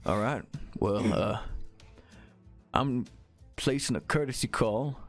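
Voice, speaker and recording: A man voicing a guarded anonymous male informant giving a tip over the phone, speaking slowly and deliberately. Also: medium pitch, soft background music.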